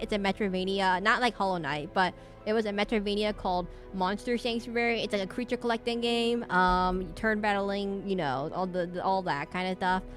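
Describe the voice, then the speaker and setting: Streamer woman, middle pitch, rambling and giggly, faint game music behind. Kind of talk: casual game-stream chat.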